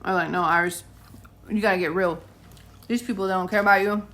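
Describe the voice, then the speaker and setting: A woman's voice: medium pitch, fairly even intonation, brisk, sharp tone. A woman in her late thirties chatting to camera at home, telling stories to her viewers and acting out the back-and-forth of conversations. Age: late 30s. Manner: chatty storytelling, addresses viewers as guys, acts out quotes. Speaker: vlogger. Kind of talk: casual chat to camera.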